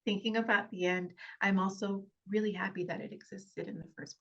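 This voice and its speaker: A woman, an actress, talking in an interview in a heartfelt, halting way with many fillers and restarts. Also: medium pitch, fairly even intonation, muffled recording. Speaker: actress guest. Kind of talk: casual interview chat.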